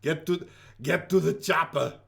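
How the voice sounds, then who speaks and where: A man doing a jokey impression of a gruff male action-movie star, barking clipped tough-guy lines. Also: on the high side, unhurried, fairly bright tone, full character voice. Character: Arnold-style action hero impression, male.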